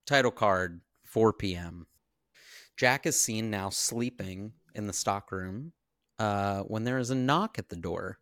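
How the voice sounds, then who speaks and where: A man's voice: fairly low pitch, slow pace, no room sound, clean studio sound. A man co-hosting a podcast, retelling a horror film scene by scene and acting out the characters' lines. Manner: animated storyteller, acts out the characters' lines. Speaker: podcast co-host. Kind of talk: casual chat, retelling a film.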